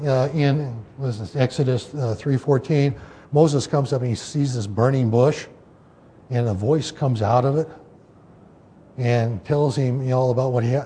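A man's voice: medium pitch, warm tone. A man teaching an informal Bible study, explaining scripture in a loose way with many fillers and restarts.

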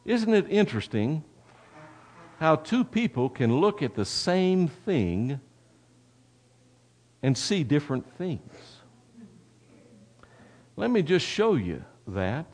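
A male pastor delivers a sermon in a lively, swooping voice that sits a little high for a man. He speaks slowly and leans in toward his listeners with a folksy, direct manner, drawing out an anecdote. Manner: folksy, addresses the congregation directly. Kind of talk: sermon with storytelling.

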